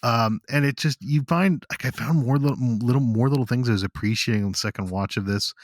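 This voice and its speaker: A man co-hosting a casual film podcast, talking in an animated way, swearing freely and laughing often. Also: mid-range voice, quick pace. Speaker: podcast co-host.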